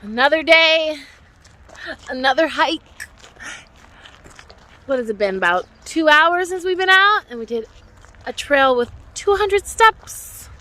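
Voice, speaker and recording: A woman's voice: high voice, lively intonation, slow pace, pauses often, sharp tone, poor audio. A woman hiking vlogger talking casually outdoors on forest trails, chatty, upbeat and self-mocking. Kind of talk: casual vlog narration.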